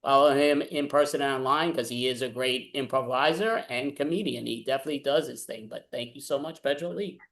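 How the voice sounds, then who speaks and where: A man's voice: medium pitch, fairly quick, gravelly, hardly any pauses, fairly bright tone. A man hosting an online comedy show over a video call, easygoing and chatty. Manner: easygoing, chatty, laughs often. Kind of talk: casual interview chat.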